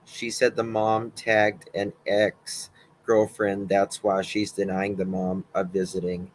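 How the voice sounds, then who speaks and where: A man's voice: lowish voice, level tone, slow pace, a little hiss or hum. A man co-hosting a casual livestream, agreeing along and reading out viewer messages. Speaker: livestream co-host.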